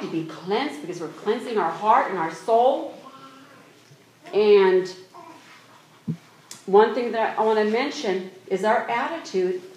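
A woman preaching a sermon, reading scripture aloud slowly and exhorting her congregation earnestly. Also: fairly high pitch. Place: church. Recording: echoey room with faint noise.

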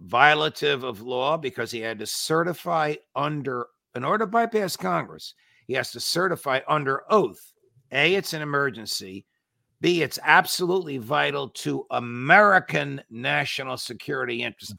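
A man's voice: on the high side, lively intonation, normal speed, gravelly, sharp tone, no room sound, clean studio sound. A male guest commentator speaking in an indignant, lawyerly manner about law and government. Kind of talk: legal commentary in conversation.

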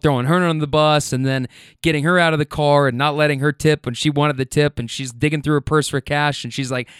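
A male podcast host telling a casual story about a rideshare fare, full of restarts and swearing. His voice is smooth and clear, a touch higher than usual, and recorded dry and close. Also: fairly even intonation, fast talker, fairly bright tone, dry recording. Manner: rambling, profane, many restarts.

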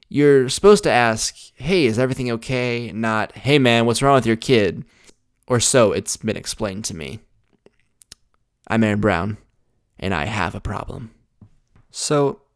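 Young male podcast host, blunt, self-deprecating storyteller, slightly low, resonant, dry close mic. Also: vocal fry, smooth, dry recording. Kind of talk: casual storytelling monologue.

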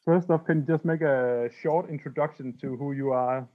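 A man hosting a podcast interview, polite and slightly halting. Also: medium pitch. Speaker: podcast host. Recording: tinny phone-like sound.

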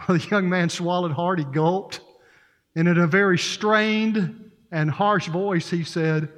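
A man's voice: sits high, steady tone, takes it slowly, a bit bright. A man preaching a sermon as interim pastor, earnest and storytelling, with emphatic repetition. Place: church sanctuary. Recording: reverberant church hall.

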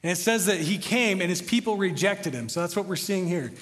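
A man's voice: sits high, lively intonation, a little fast. Man preaching in a reverberant hall. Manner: conversational, swings between loud emphasis and soft quiet lines. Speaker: pastor. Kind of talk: sermon. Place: large church sanctuary.

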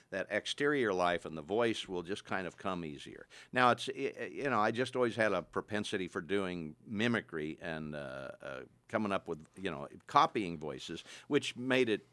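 An older man with a fairly low voice talks through his craft as an interview guest. He explains things plainly and easily, with the odd chuckle, in casual conversation. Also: fairly bright tone. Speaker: voice actor guest.

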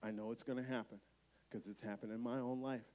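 A man preaching a lively youth sermon at a camp meeting, acting out voices in his stories. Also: mid-range voice, quick pace. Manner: energetic preaching, acts out voices in quotes. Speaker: camp speaker.

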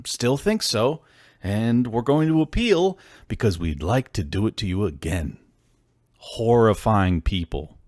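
A man's voice: fairly low pitch, no room sound, studio quality. A man hosting a podcast, giving blunt, incredulous political commentary in a casual, slangy way. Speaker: podcast host.

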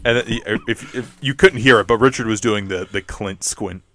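A man's voice: fairly low pitch, moderate pace, pushed and bright. A man co-hosting a casual film chat, eager and stumbling through restarts. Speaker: podcast co-host.

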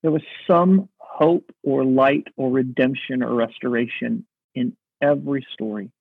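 Male pastor, sermon, husky tone, dry close sound. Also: mid-range voice, fairly even intonation, no echo. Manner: earnest, reflective, slows for emphasis. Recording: dry, phone-like narrow sound.

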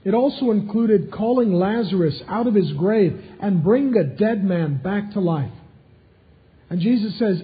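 A man preaching with a high, lifted voice, hammering his points home through repetition. The sound is dull and slightly muffled, as if from a modest recording. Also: animated, measured pace. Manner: emphatic, repeating key phrases for stress. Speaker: pastor. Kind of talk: sermon.

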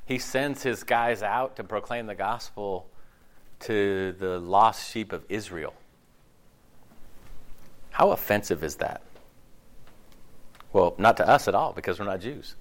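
A male pastor giving an animated, conversational sermon, peppered with rhetorical questions and mocking asides. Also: medium pitch, moderate pace, long pauses.

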